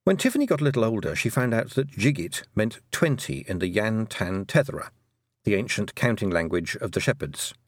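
A man narrating an audiobook with gently wry, unhurried storytelling. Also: fairly low pitch, expressive, no echo, studio quality.

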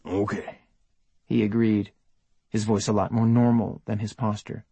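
A man reading an audiobook in measured, even scripted narration. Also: fairly low pitch, gravelly, slightly rough, dry recording.

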